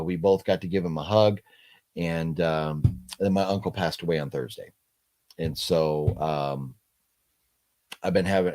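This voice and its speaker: Halting, low-voiced man hosting a live chat. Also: a little mellow. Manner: halting, many fillers and restarts. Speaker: livestream host. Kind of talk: casual live chat reading comments.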